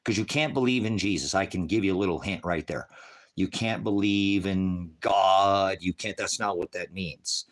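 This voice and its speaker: A very low-voiced man preaching live to an online audience. He curses constantly and belittles viewers. He lurches from loud outbursts to low mutters. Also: moderate pace. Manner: profane, combative, berating viewers; loud, swings between shouting and muttering. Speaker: livestream preacher. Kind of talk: ranting livestream preaching to chat.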